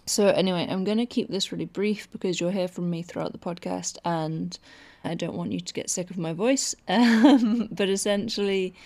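A woman's voice: fairly low pitch, a little mellow. A woman presenting a podcast as a festival's online coordinator, chatting casually and enthusiastically and often laughing.

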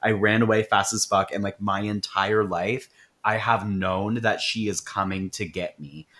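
A panicked young mother pleads that danger is coming, her voice sitting a little low and quiet, as a man paraphrases her in a loose podcast retelling. The speech is casual and full of profanity, more gossip than performance. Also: steady tone, moderate pace, lightly acted.

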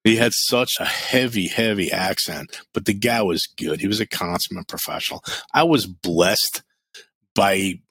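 A man's voice: sits low, a little slow, slight background noise. A middle-aged man chatting on a podcast, telling blunt, profane stories with lots of energy. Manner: animated storyteller, blunt and profane. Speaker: podcast co-host. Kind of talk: casual podcast chat.

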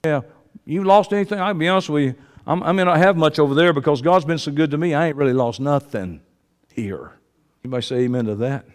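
A man preaching a sermon, folksy and emphatic, swinging from loud shouting to a quiet, breaking voice. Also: a little high, animated, quick pace. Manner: folksy, emphatic, reads scripture aloud. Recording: long reverb of a large hall.

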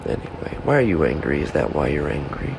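A very animated man with an extremely low voice and vocal fry talks briskly through a solo home podcast. He rambles, interrupts himself, and heckles himself along the way, with a fan humming in the room.

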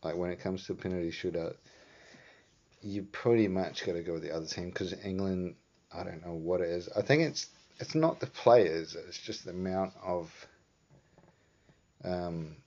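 Here a vlogger with a New Zealand accent talks at normal speed in a low, darkish voice. He's relaxed and rambling, dropping casual swears, and the sound is dull lo-fi.

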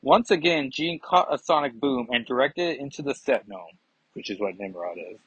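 A man's voice: medium pitch, expressive, moderate pace, a bit bright, breathy edge, no room sound. A man giving a chatty, rambling comic book review, with self-mocking asides. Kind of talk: casual review vlog. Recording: dull lo-fi sound.

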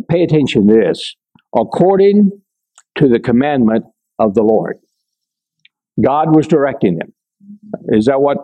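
An older man giving a conversational Bible lesson, reading scripture aloud and breaking off to explain it, with frequent pauses and check-ins with his listeners. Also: mid-range voice, mellow, rough recording. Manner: many fillers and restarts, checks in with listeners. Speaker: Bible teacher.

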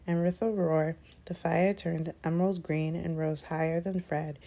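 A woman narrates a children's fantasy story in a steady, measured reading. Her voice sits low and mellow, and her delivery stays calm and even. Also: creaky. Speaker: audiobook reader. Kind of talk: scripted narration.

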